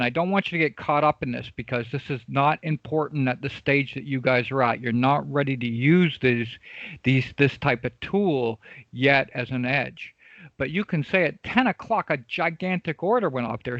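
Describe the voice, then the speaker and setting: A man's voice: mid-range voice, fairly bright tone, dry recording, muffled recording. A man teaching a live online trading class, emphatic and repetitive, often checking in with his students. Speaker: trading coach.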